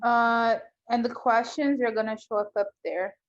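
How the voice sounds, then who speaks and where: A woman on a video call, calmly giving step-by-step setup directions in a casual tone. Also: a little high, moderate pace, muffled recording. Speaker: tech coordinator guiding the setup.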